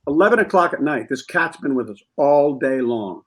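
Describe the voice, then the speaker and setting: A man telling an animated anecdote as a guest on a comedy talk show, acting out the scenes as he goes. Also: mid-range voice, normal speed.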